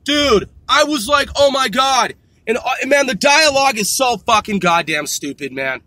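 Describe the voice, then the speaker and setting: A man's voice: very high-pitched, lively intonation, normal speed, sharp tone, dry recording. A middle-aged man ranting in an exasperated, profane way, repeating himself and swearing constantly. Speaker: vlogger. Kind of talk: ranting monologue.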